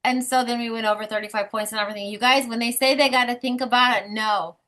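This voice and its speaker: A woman's voice: a little high, fast. Blunt, emphatic woman leading a team call. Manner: emphatic, blunt and animated, with laughter. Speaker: sales team leader.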